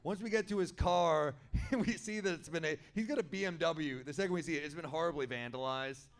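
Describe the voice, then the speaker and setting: A man telling a story in stand-up comedy at an indoor venue, with a wry, deadpan delivery. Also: on the high side, a little fast.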